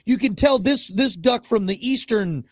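A man with a notably high-pitched voice co-hosts a casual podcast, ranting in a blunt, profane, joking way. The sound is dry and close, with no room echo. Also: animated, normal speed, a little mellow. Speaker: podcast co-host. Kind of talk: casual chat.

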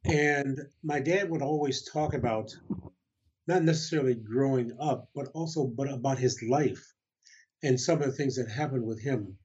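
A man's voice: mid-range voice, moderate pace, slightly rough, dull audio. Older man telling a chuckling story. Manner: warm anecdotal storytelling with chuckles and quoted voices. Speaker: interview guest. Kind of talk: storytelling in a conversation.

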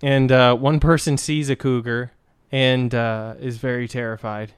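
A man's voice: mid-range voice, little pitch movement, measured pace, clear, resonant tone, no echo, clean studio sound. A man hosting a casual, crude podcast, telling stories animatedly, swearing often and laughing a lot. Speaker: podcast host.

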